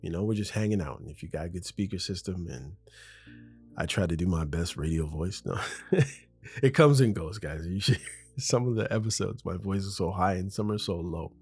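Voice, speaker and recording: A man's voice: low voice, normal speed, a little mellow, husky, soft background music. A man hosting his own podcast, riffing off script in a casual, rambling monologue as if talking to a best friend, at a foam-shielded mic in a room by a window. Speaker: podcast host. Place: home room in front of a window. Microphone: studio mic with a foam shield.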